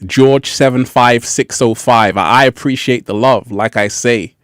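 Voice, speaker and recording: Slow, laid-back male livestream host. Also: mid-range voice, fairly bright tone, clean tone, no echo, studio quality. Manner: playful, laughing, repeats phrases. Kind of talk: casual livestream chat.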